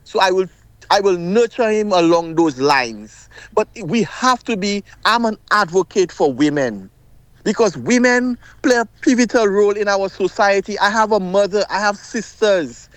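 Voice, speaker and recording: A man's voice: sits high, lively intonation, moderate pace, fairly bright tone, no room sound. A middle-aged man, calling in to a radio talk show with impassioned, emphatic speech that often repeats itself. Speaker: caller.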